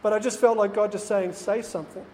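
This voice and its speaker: A man's voice: sits high, fairly even intonation, quick pace, a little mellow. A man who is a priest, telling an earnest, confiding personal story to lay people. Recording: faint noise, long hall reverb.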